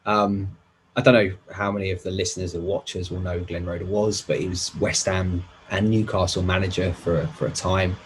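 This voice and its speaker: A man's voice: deep voice, flat delivery, fairly quick, a little hiss or hum, rough recording. A man in his thirties co-hosting a casual podcast, jokey and rambling. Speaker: podcast co-host.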